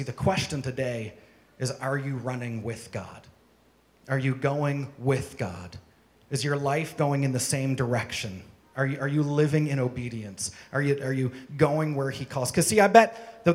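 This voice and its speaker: A man preaching a sermon to a congregation, emphatic and driving his points home with strings of rhetorical questions. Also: a little high. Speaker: pastor. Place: church service with congregation.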